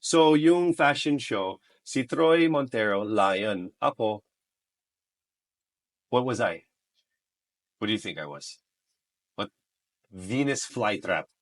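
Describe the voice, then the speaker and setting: Lively low-voiced male podcast guest. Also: takes it slowly, long pauses. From United States. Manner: animated, joking, mixes in Filipino phrases. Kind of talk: casual interview storytelling.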